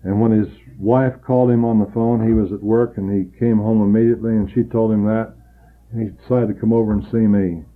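A man preaching a sermon, earnestly building emphasis and then dropping low and quiet to tell a personal story. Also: flat delivery, brisk, phone-quality sound.

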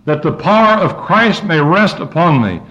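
A man preaching a sermon, reading scripture aloud and swinging his pitch and volume up and down as he goes. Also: very animated, normal speed, pushed and bright. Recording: dull lo-fi recording.

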